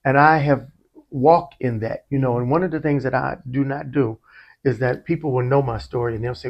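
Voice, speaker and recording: A church musician tells his life story to an interviewer as a conversational testimony, acting out the voices of the people in it. His mid-range voice is creaky and moderately paced, and the recording's highs are cut off.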